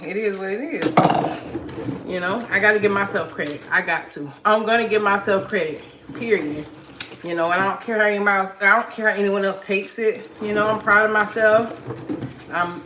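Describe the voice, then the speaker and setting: A woman's voice: mid-range voice, sharp tone, poor audio. A woman, chatting casually on a livestream, laughing often and reading viewer comments aloud. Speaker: livestream host. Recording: clicking noise in background.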